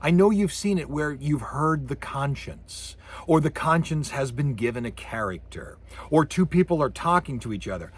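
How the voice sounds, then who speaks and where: Animated husky-voiced man lecturing. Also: a little high, moderate pace. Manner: animated, jokey, acts out sounds and voices. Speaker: college communications professor. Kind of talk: recorded lecture.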